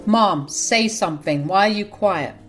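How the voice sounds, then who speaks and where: A woman's voice: medium pitch, a little slow, faint music behind, natural voice. A woman voicing an adult son who scolds his mother in an exasperated tone. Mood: confused.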